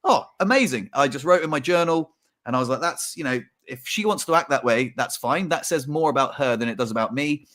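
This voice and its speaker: A man's voice: mid-range voice, animated, fairly quick, a bit bright. A man, co-hosting a casual podcast chat and telling a reflective personal story. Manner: reflective storytelling, acts out his own thoughts. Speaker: podcast co-host.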